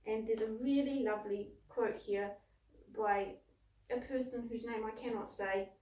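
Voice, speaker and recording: A woman's voice: on the high side, fairly even intonation, measured pace, mellow. A woman reviewing a children's book and reading from it aloud, in a playful, self-deprecating way. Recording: roomy, distant mic.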